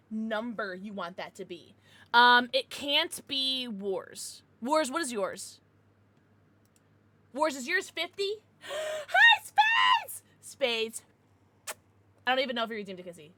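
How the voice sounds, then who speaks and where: A woman streamer chatting casually with her viewers, excitable and swearing freely. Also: a little high, dry recording. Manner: laughs and gasps often. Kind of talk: casual livestream chat with viewers.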